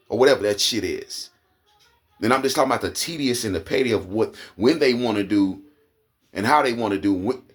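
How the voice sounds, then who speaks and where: This vlogger, a man with an Oklahoma accent, rants angrily to the camera in a profane, heated way. His slightly rough voice climbs into high, indignant peaks.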